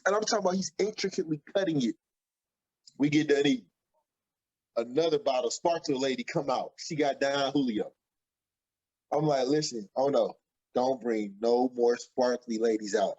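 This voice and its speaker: A man, co-hosting a podcast and telling an animated story, acting out the quotes excitedly. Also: mid-range voice, normal speed, husky. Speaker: podcast co-host. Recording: dull lo-fi audio.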